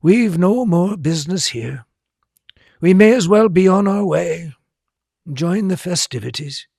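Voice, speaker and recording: Male reader doing an old gentle wizard, wry, soft, slow and gravelly. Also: sits high, expressive, no echo, studio quality, pitched above the performer's own voice, full character voice. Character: kindly ancient wizard headmaster, whimsical.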